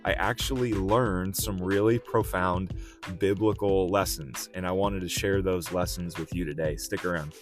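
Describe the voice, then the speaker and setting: A man's voice: low-pitched, normal speed, over music. A man hosting a podcast and telling a story in a casual way, with fillers, who acts out the people he quotes. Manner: animated retelling, quoting people in a raised voice; conversational, filler "like" and "uh". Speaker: podcast host.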